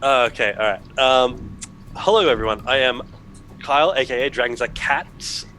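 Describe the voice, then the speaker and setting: A man's voice: mid-range voice, moderate pace, bright, forceful tone, a little hiss or hum, rough recording. Easygoing man introducing his character. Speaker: player.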